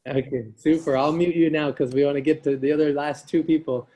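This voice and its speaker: A man hosts a group video call in an effusive, gushing, chatty way. His voice sits a little high for a man yet sounds mellow and warm. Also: fairly even intonation, a little fast. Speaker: call host.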